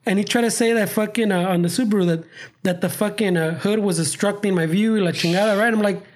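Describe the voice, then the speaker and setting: A man rattles off a heated rant among friends, speaking quickly and swearing constantly. He switches between English and Spanish as he goes. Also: high voice, steady tone, slight background noise. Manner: rapid, heated ranting, heavy swearing, mixes English and Spanish. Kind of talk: casual chat.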